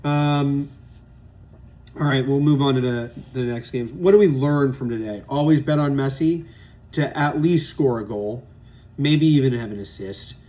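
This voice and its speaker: A man's voice: medium pitch, a little slow, mellow. Young man, casual sports host, profane, rambling, opinionated. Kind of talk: casual solo sports commentary.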